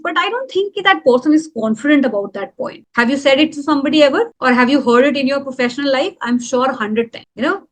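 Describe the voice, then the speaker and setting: A woman giving an instructional talk on public speaking, emphatic and speaking straight to the viewer. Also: high-pitched. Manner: emphatic, demonstrates tone shifts, addresses viewers directly.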